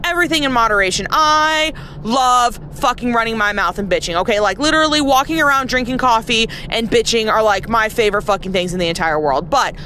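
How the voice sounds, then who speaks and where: A woman with a fairly high voice rants bluntly and sarcastically, swearing freely. She speaks in a casual monologue. A faint vehicle hum sits under her voice. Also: fairly quick, few pauses, bright, forceful tone. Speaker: nurse. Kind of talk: casual rant to camera.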